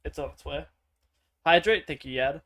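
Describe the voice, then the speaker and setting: A man's voice: mid-range voice, fast talker, a bit bright. A man streaming and chatting casually over gameplay, rambling and swearing freely. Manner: rambling, crude and profane.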